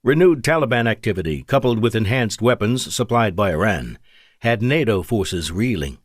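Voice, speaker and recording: A man reading an audiobook in measured, dramatic scripted narration at a close studio mic. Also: fairly low pitch, lively intonation, no room sound.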